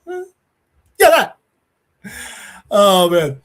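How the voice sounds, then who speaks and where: A man's voice: high-pitched, extremely slow. A man hosting a podcast, animatedly retelling a comic story and acting out the characters' lines in casual chat. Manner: animated storytelling, acts out quotes. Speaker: podcast host.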